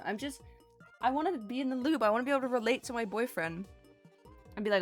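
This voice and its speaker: A woman streamer chats casually with her viewers, giggling and rambling off into tangents. She talks fast in a slightly high, expressive voice, with faint music in the background.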